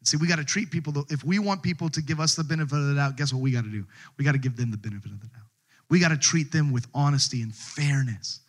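A middle-aged man preaching a sermon as pastor, telling stories in an animated way, often laughing and raising his voice. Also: a little high, fast.

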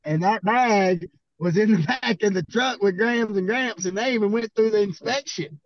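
Here a bull rider from Arkansas guests on a podcast, trading rowdy, casual stories with a laughing, profane, laid-back Southern drawl. The man's voice is high, his pace moderate, and the audio sounds dull.

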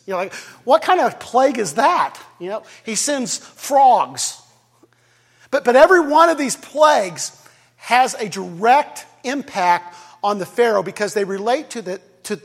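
A man's voice: high-pitched, vocal fry. A man preaching a sermon as pastor, talking casually with jokes and restarts. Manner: conversational preaching with jokes and repetitions. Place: church sanctuary. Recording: long reverb of a church hall.

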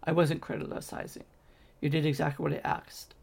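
A man's voice: fairly high pitch, level tone, normal speed, vocal fry, darkish tone. A man reading as a cold scheming magician. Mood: cool. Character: scheming male magician, commanding and curt.

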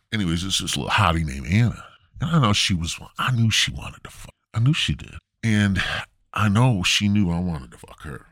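A man's voice: deep voice, lively intonation, moderate pace, fairly bright tone, no room sound, studio quality. A man hosting a podcast, telling rambling, crude, self-mocking stories into a podcast mic. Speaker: podcast host. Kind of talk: crude comic storytelling.

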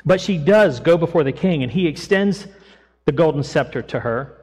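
A man preaching a sermon as pastor, retelling a Bible story in a lively storytelling way and voicing its people casually. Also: on the high side, moderate pace, husky. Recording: long echo of a church hall.

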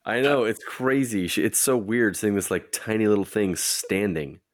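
A man's voice: on the low side, moderate pace, no echo. A man playing a tabletop game, chatting casually and a little hesitantly. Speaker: player.

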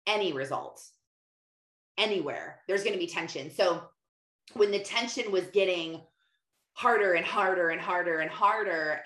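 Woman, earnest storyteller, lots of fillers, bright tense tone, roomy echo. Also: fairly low pitch. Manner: earnest and animated, many filler "like"s. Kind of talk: personal storytelling monologue.

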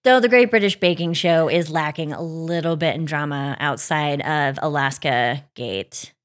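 A woman's voice: low voice, moderate pace. A woman co-hosting a podcast, chatting casually and enthusiastically with a friend about a TV show, with sighs and ums. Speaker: podcast co-host. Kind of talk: casual chat.

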